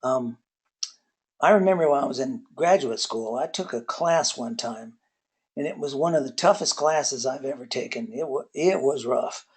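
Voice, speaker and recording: A man giving a relaxed webinar talk on workplace accountability, telling folksy personal stories with many pauses and filler words. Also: mid-range voice, slightly rough. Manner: folksy storyteller.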